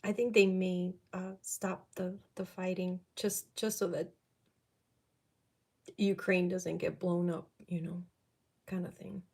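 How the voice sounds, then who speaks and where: A woman doing a live-streamed psychic reading, talking in a halting, emotional way as she thinks aloud. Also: lowish voice, little pitch movement, vocal fry, a little mellow. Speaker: psychic reader.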